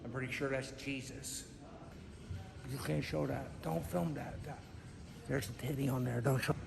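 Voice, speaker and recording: A man's voice: mid-range voice, normal speed, creaky, noisy background. A man putting on a dim-witted, brash fat guy character with a dopey voice, filmed outdoors. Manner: dopey put-on voice, goofy deadpan jokes. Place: outdoors at a museum.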